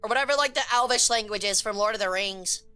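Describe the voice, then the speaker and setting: Bright, crisp-voiced woman streamer. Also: medium pitch, fast, soft background music. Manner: chaotic, crude joking with chat. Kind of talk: casual live-stream chat.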